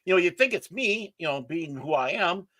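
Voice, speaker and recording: A man in teasing, jokey chat as a podcast co-host. His voice sits fairly high and bright, and his pitch moves a lot. The sound is dry and close. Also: expressive, normal speed, dry recording. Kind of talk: casual chat.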